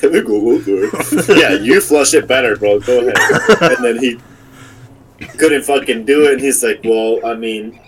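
A man's voice: medium pitch, lively intonation, moderate pace, recorded from a distance, a little hiss or hum, rough recording. A man co-hosting a casual podcast chat, telling a crude, profane story about himself. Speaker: podcast co-host.

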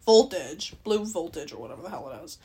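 A woman's voice: lowish voice, very animated, brisk, mellow, slightly rough. A young Canadian woman hosting a podcast, rambling casually, swearing a lot and laughing often. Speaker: podcast host. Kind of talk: casual solo chat.

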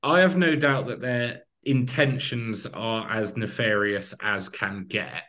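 Male interviewer, low voice, animated anecdotal delivery. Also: slow pace. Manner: animated storytelling, acts out quotes. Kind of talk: casual conversational interview.

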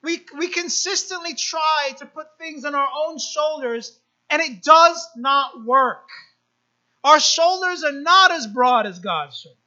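A woman pastor delivers a sermon in a high, bright voice, taking her time and leaning on repeated phrases. She turns to the congregation with quick asides. The recording sounds dull and lo-fi. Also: animated. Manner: repetitive preaching with rising emphasis and asides to the congregation.

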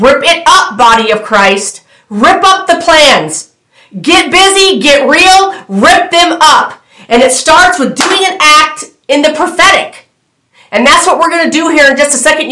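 A woman with a fairly high voice preaches a prophetic word straight to her viewers. She repeats her declarations with fervour. Her voice rings out in an echoey room. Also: bright, forceful tone. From United States. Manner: fervent, repetitive declarations, talks straight to viewers. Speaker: prophetic minister. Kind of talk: delivering a prophetic word to camera.

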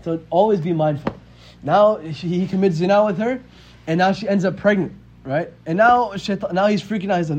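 Brisk and a little mellow, this man's high voice carries a casual, conversational religious story, with "right?" coming up often. He's a religious teacher in his twenties, heard on dull lo-fi audio with a faint hiss.

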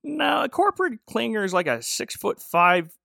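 A man's voice: sits high, big pitch swings, normal speed, vocal fry, pushed and bright, no echo, studio quality. A man casually recapping a TV episode with joking, rambling asides. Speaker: podcast host.

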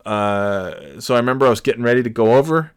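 A man casually telling a funny personal story, animated and swearing freely, acting out what people said. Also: mid-range voice, fast talker, clean tone, no echo, clean studio sound. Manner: animated, swears freely, acts out quotes with big shouts.

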